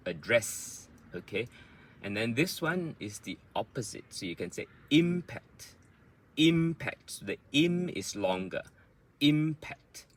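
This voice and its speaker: A man's voice: fairly low pitch, pushed and bright, low-quality recording. A man teaching English pronunciation, patiently explaining word stress step by step, with frequent fillers. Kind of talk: pronunciation lesson.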